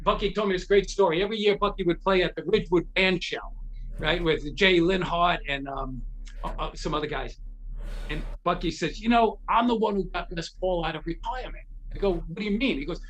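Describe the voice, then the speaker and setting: Animated man acting out his stories. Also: high-pitched, brisk, low-quality recording. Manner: animated, acts out quoted dialogue; restarts and repeats words often. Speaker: guest storyteller. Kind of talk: casual anecdote telling.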